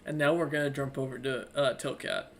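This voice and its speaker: A man running a tabletop game as game master, narrating scenes in a relaxed, rambling way. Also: medium pitch, fairly quick, creaky.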